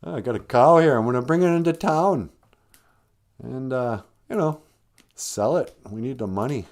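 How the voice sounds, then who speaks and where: Naive, easily fooled boy in a spoken folktale, bright and eager, as a man puts him on. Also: medium pitch, normal speed, pitched above the performer's own voice, lightly acted.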